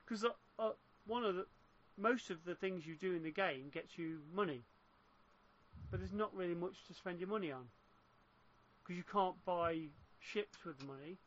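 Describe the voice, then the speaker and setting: A man's voice: sits high, normal speed, a bit bright. A man chatting casually about games, explaining at length with frequent restarts. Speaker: gamer in casual chat. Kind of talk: casual chat. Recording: muffled lo-fi voice chat.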